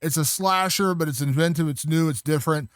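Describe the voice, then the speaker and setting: A man's voice: on the high side, a little fast, clean tone, dry recording, clean studio sound. A man chatting casually as a podcast guest, enthusiastic and rambling, with many fillers. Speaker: guest film critic.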